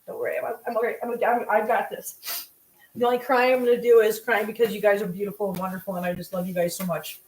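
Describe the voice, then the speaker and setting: In a home kitchen, a woman cooks on a livestream and chats casually, thanking her viewers with real emotion. She talks fast at a medium pitch, level and slightly dark in tone, and the poor-quality audio carries a lot of reverb.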